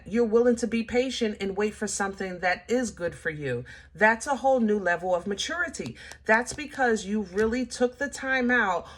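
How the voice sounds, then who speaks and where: A woman giving a casual tarot reading, talking straight to her viewers in a chatty, animated way. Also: fairly high pitch. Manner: animated, chatty, laughs at herself, speaks to viewers as y'all. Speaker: tarot reader.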